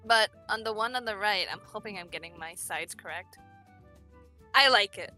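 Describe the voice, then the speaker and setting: A woman chatting casually as a stream guest, relaxed and a little mumbly. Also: medium pitch, normal speed, faint music behind.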